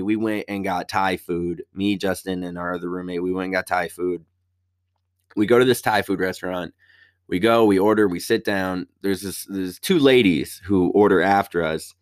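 A man's voice: low-pitched, no echo, studio quality. A young man, a stand-up comic, telling a profane story in casual chat. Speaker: stand-up comedian.

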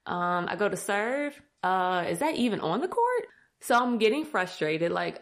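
A woman hosting a casual talk, telling a funny story to her listeners and acting out her own panicked thoughts in a jumping, higher voice. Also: moderate pace. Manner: animated, self-mocking, acts out her own thoughts in a higher voice; talks directly to listeners as "y'all". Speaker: podcast host.

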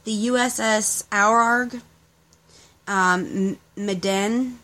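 A woman's voice: medium pitch, fairly even intonation, takes it slowly, bright, forceful tone. A woman co-hosting a casual chat show, chatty and hesitant, with frequent ums and restarts. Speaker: podcast co-host.

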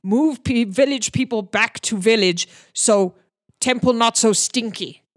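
A woman voicing a huge, hot-tempered male orc high priest who barks demands in broken speech. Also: unhurried, close to an everyday voice. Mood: demanding.

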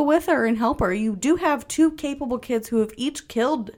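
A woman's voice: high voice, normal speed. Exasperated woman co-hosting a podcast. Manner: animated, exasperated, swears casually. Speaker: podcast co-host. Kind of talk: casual chat.

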